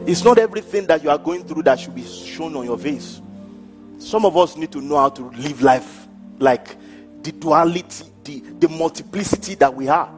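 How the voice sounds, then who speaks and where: A man's voice: on the high side, moderate pace. A man pastor preaching a sermon in a church hall, acting out the people he quotes and laughing between his points. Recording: church hall with long reverb and faint music.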